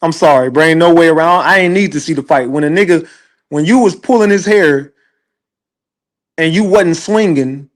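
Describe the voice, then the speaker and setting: A man with a fairly high voice talks at a moderate pace while hosting an online show. He provides relaxed livestream commentary, spinning animated, cuss-filled stories and laughing throughout.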